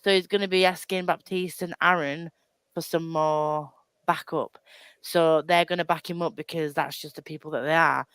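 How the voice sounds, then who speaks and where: Chatty rambling woman, smooth voice. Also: low-pitched, steady tone, normal speed, fairly bright tone, no echo. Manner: rambling, self-deprecating, frequent laughs and restarts. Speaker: book club co-host. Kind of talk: casual book chat.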